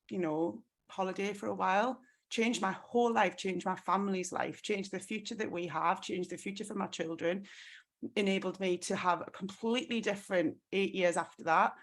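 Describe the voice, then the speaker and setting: A woman in her thirties giving a motivational talk on a team call, telling a story with many "like" fillers. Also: mid-range voice. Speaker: network marketing team leader.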